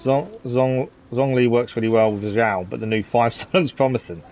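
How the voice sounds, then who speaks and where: A chatty man chatting casually over a live game stream, chuckling often as he answers viewers. His voice sits at a middling pitch. The audio is a touch dull, with faint game music behind him. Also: moderate pace.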